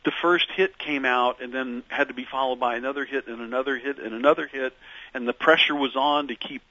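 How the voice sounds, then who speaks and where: A man's voice: medium pitch, steady tone, a little fast, bright, forceful tone, no room sound, lo-fi sound. A man being interviewed as a musician guest, telling stories in a meandering way with many fillers and restarts. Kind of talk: reflective radio interview storytelling.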